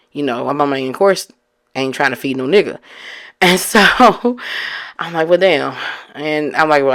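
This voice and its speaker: A woman's voice: deep voice, fairly bright tone. A woman casually telling a story from her own life and acting out both sides of the talk with rising exasperation. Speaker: storyteller recounting her own past relationship.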